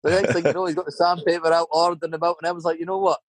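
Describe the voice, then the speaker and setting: A man's voice: a little high, level tone, racing, no echo. A middle-aged Scottish man with a Scottish accent, rambling through casual anecdotes full of swearing and tag questions. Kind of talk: casual storytelling chat.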